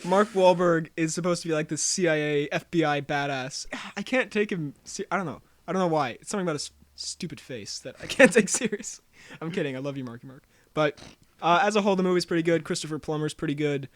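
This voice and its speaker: Young man, somewhat high voice, rambling, self-mocking, dry close mic. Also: fast, no echo. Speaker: podcast co-host. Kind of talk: casual chat, quick reviews.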